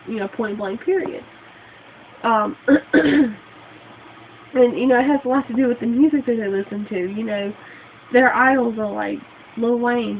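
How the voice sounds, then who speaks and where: A woman's voice: fairly high pitch, gravelly. Blunt young woman ranting on a tinny phone. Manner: blunt, outspoken, profane, rambling with fillers. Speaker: vlogger. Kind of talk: casual vlog rant. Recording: tinny phone-like audio, faint hiss.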